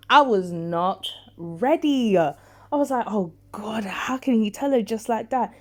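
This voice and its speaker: A woman casually recapping and reviewing a soap episode, chatty and animated, acting out characters' lines with big reactions. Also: fairly high pitch, unhurried.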